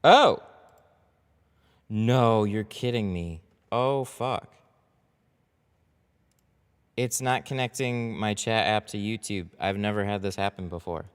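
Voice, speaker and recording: A man with a lowish voice talks through a headset while he works, easygoing and chatty. He rambles a little and lets a swear slip when things go sideways, like a tradesman streaming his job. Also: takes it slowly, long pauses, clean tone. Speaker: window tint installer streaming live. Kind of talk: casual live-stream talk while working.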